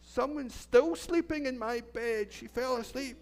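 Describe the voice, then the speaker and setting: A man's voice: very high-pitched, measured pace, pitched above the performer's own voice. A Scottish man voicing the littlest bear in a storybook telling, sounding small and upset. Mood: plaintive.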